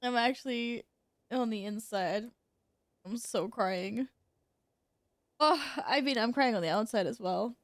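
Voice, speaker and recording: A woman's voice: fairly high pitch, unhurried, long pauses, no echo. A woman streaming a game, chatting casually to her viewers and exclaiming and giggling a lot. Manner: giggly, exclaiming, talks to chat. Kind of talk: casual gaming stream chat.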